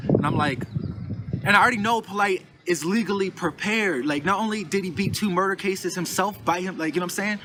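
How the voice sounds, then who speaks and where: A man telling a personal story in casual, animated speech, cursing and repeating phrases. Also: sits high, a little fast. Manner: animated, profane, repeats phrases, acts out quotes. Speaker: guest telling his story.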